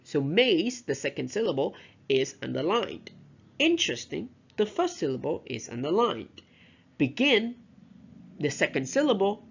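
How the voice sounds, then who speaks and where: Teacher narrating a lesson, gravelly tone, dull lo-fi sound. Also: mid-range voice. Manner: explanatory, modelling words aloud, self-correcting. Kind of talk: recorded lecture explaining pronunciation.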